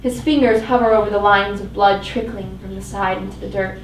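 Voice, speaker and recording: A woman's voice: mid-range voice, fairly even intonation, normal speed, few pauses, a little hiss or hum. A woman giving a dramatic, emotionally intense live reading of first-person fiction at a live event. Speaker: fiction reader. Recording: echoey live venue, mic at a distance.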